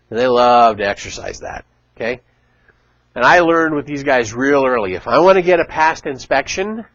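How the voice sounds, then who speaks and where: A middle-aged man giving a casual church talk, chatty and animated, acting out quotes as he tells stories. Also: a little high, no echo, dull audio. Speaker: church teacher. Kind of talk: casual sermon.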